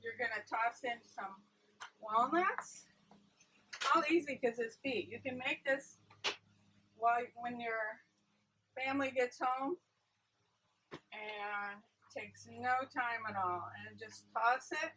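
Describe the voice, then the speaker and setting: A woman's voice: on the high side, slow, pauses often, sharp tone, far from the mic, slight background noise, low-quality recording. A woman chef chatting casually while demonstrating a dish in a food truck kitchen. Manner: chatty, explaining as she cooks. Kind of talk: cooking demonstration.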